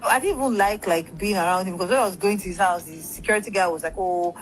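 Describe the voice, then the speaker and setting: A woman's voice: mid-range voice, quick pace, soft background music, low-quality recording. A woman, a guest telling a long story in a rambling, casual way and acting out what others said. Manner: rambling, acts out quoted speech, swears. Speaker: interview guest.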